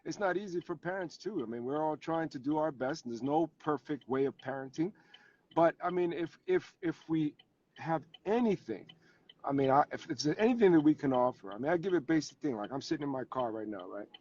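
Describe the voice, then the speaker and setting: A man, a guest actor and advocate, tells animated stories about parenting while sitting in his car on a video call. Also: a little high, a little fast, slight background noise. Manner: animated storyteller, acts out family scenes. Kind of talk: casual interview over video call. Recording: dull lo-fi call audio.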